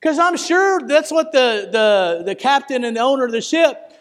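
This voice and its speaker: Male preacher, fervent and emotional, very high voice, long hall reverb. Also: expressive, moderate pace. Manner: fervent, emotional, swings from loud to hushed. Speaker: pastor. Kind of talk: sermon. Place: church.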